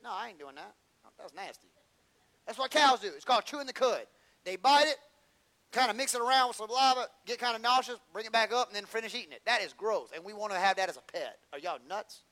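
Bright high-voiced preacher man. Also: fast talker. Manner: folksy, humorous storytelling with Southern slang. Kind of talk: sermon.

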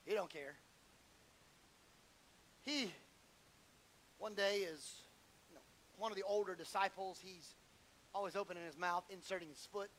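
A male preacher with a very high, bright voice delivers a sermon. He swings from shouted fervor down to low, intimate asides, and he repeats words when worked up. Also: measured pace, long pauses, a little hiss or hum, rough recording.

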